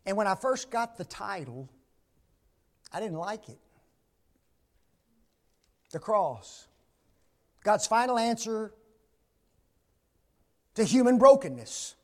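Slow, dramatic male preacher. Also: high voice, animated. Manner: swings between loud emphatic peaks and hushed near-whispers; frequent rhetorical tag questions to the congregation. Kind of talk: sermon.

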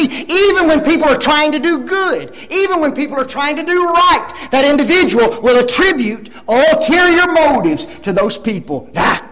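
A man's voice: very high voice, fairly bright tone. A man preaching a Sunday sermon, emphatic and fond of rhetorical tag questions.

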